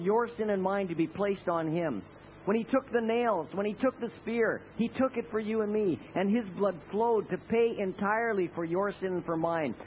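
A man preaching a sermon with passion, leading the congregation in spoken responses. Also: high-pitched. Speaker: pastor. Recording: tinny phone-like recording with faint noise.

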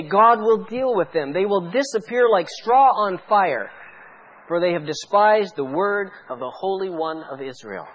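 A pastor preaching a sermon with fervent, pleading intensity, firing off rhetorical questions at the congregation. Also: male voice, high-pitched, lo-fi sound.

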